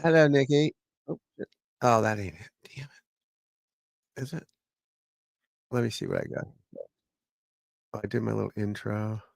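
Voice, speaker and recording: Man, golf coach, casual livestream chat, vocal fry, gravelly and low, dry close sound, rambling, swears. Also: normal speed, long pauses, no room sound. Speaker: golf instructor.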